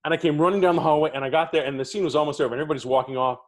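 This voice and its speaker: This middle-aged podcast co-host, under interview, speaks in a slightly high, rapid-fire voice. His theatre stories come out casual and animated, and he performs the voices of everyone he quotes.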